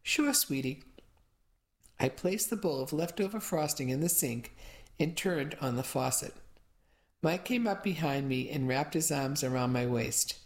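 A woman narrating a first-person audiobook in a steady storytelling manner. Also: deep voice, normal speed.

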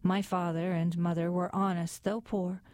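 A woman's voice: on the low side, little pitch movement, normal speed, a little mellow, dry recording, lightly acted. A woman voicing a timid, tearful male baker in a storybook poem, anxious and plaintive.

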